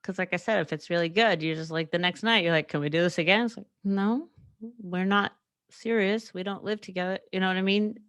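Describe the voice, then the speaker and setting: Speaking at a brisk clip, this young podcast host has a medium-pitched, steady voice that's a bit bright, recorded without echo. She rambles candidly through her casual solo show, laughing often and leaning on fillers.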